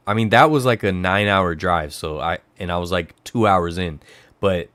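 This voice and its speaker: A man from the Bay Area of California hosting a livestream, chatting casually and rambling, his voice jumping up high when he gets excited. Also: no echo. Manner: rambling storyteller who jumps to high excited exclamations. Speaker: livestream host.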